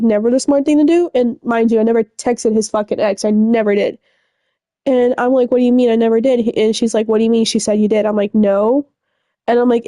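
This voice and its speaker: A woman's voice: fairly high pitch, warm tone, dry recording, clean studio sound. A young woman telling a breakup story to the camera in a rambling, upset way, full of fillers and swearing. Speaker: vlogger. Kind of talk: casual storytime rant.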